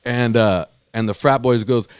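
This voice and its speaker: A man on a podcast, spinning a profanity-laced story with a mid-range voice. He jumps into loud, high shouts when he quotes people. The sound is close and dry, with no room around it. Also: fairly even intonation, a little slow, clean tone, dry recording. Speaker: podcast host. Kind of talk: casual chat, storytelling.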